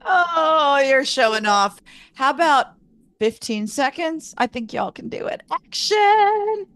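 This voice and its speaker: A woman's voice: high voice, lively intonation, slow, fairly bright tone. A woman hosting an online improv game, playfully calling out timed rounds and laughing along. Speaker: improv game host and timer. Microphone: video call.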